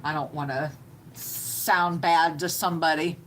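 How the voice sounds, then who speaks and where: A woman in middle age talks slowly and easily on a home live stream. Her voice sits a little low and homey. A faint hum of room noise runs behind her. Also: fairly even intonation, fairly bright tone. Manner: slow, homey and chatty, reading out viewer comments. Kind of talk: casual live-stream chat.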